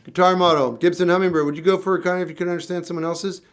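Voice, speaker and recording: A man's voice: high-pitched, fairly even intonation, racing. A man in his fifties, a singer-songwriter chatting casually on a livestream, answering comments in a blunt, wry, offhand way. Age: 50s. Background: guitar playing.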